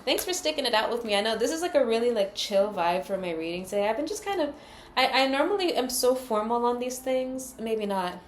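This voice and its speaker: A woman talks through a tarot reading in a casual, rambling way, cursing freely as she goes. Her voice sits a little high. The sound rings in an echoey room with a faint hum behind it. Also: animated, a little fast. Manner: loose, profane and chatty. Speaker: tarot card reader.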